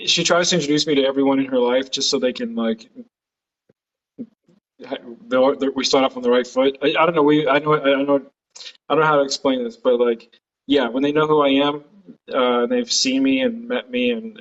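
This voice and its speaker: A man's voice: mid-range voice, fairly even intonation, fairly quick, highs cut off. A man hosting a casual chat, rambling and hesitant, swearing casually. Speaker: podcast host.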